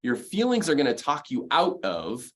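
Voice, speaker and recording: A man's voice: mid-range voice, wildly swooping pitch, normal speed. A man giving a motivational sales lesson in an ordinary mid-range voice. He talks emphatically, hammers the same phrases again and again, and works through his advice point by point. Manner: emphatic, repeats key phrases, counts off numbered points. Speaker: mortgage sales coach. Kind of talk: motivational sales training talk.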